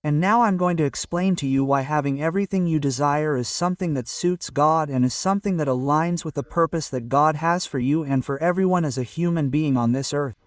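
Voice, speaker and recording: A man's voice: a little high, brisk, few pauses, no room sound, clean studio sound, far from the mic. A man giving an earnest, casual motivational talk to camera and often checking in with "okay?". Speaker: motivational vlogger. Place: at home early in the morning.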